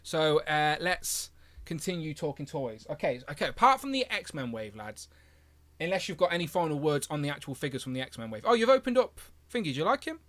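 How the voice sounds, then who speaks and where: A man's voice: a little high, big pitch swings, a little fast, a bit bright, no room sound. A young English man hosting a casual livestream, chatty and upbeat, reading out viewer comments. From England. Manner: upbeat, chatty, laughs often. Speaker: livestream host. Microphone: headphones with mic.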